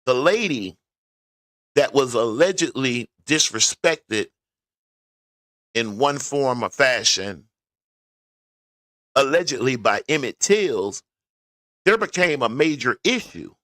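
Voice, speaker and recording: Talking conversationally to viewers, this male vlogger wanders through his thoughts on the drive to work, set in a garage. His medium-pitched voice is animated and slow, with long pauses and a fairly bright tone. Clean studio audio, no echo.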